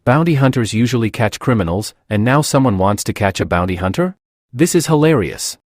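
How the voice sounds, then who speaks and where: A man's voice: mid-range voice, animated, a little fast, a little mellow, dry recording, studio quality, lightly acted. A man doing a smug gluttonous bounty hunter. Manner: smug and mocking. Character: boastful gluttonous young male bounty hunter.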